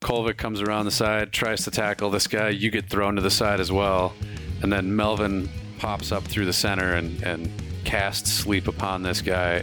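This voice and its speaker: A man running a tabletop game as game master, narrating combat vividly with playful, crude jokes. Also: deep voice.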